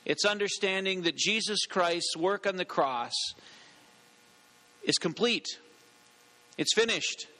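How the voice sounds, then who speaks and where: Pastor guy preaching, bright clear high voice, long church echo. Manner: measured, earnest preaching. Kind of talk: sermon with scripture reading.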